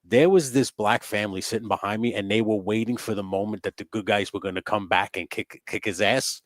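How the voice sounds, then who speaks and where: A man hosting a casual livestream chat, swearing freely, laughing often and telling stories with excitement. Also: on the low side, a little fast, no echo, clean studio sound. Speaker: host.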